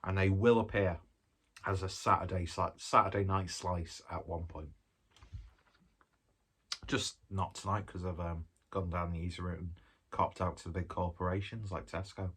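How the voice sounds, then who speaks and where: A man talks his way through a pizza review in a loose, rambling style, eating as he goes. His voice sits low and deep. It has a husky, slightly rough texture. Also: fairly even intonation, moderate pace, a bit bright. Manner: rambling and chatty, talking while eating. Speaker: food reviewer. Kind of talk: casual food review vlog.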